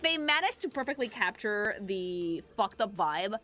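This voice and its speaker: A woman streamer reacting to animations, excitable and crude, swearing freely. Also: medium pitch, unhurried.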